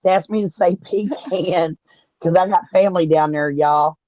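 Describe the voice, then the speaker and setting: A woman from Southern Indiana, USA, with a Southern US accent co-hosts a casual talk show, telling chatty, folksy stories. Her voice is low and mellow, a little fast, with no echo and a lo-fi sound.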